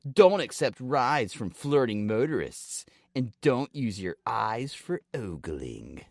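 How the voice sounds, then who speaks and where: A man's voice: mid-range voice, big pitch swings, slow, gravelly, dry recording, studio quality. A man co-hosting a comedy podcast, chatting loosely with a lot of swearing and laughing, and reading out a trivia segment. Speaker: podcast co-host. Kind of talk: casual comedic chat.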